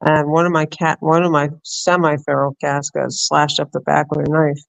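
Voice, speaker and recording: A woman from New Jersey hosting a casual late-night chat over an online call, telling stories in quick animated bursts. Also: low-pitched, creaky, no room sound, rough recording. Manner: animated storyteller, rapid bursts. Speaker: host.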